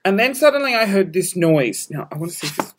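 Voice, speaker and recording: An Australian man hosting a podcast, telling a story in casual talk, animated, swearing freely and laughing at himself. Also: high voice, quick pace. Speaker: podcast host.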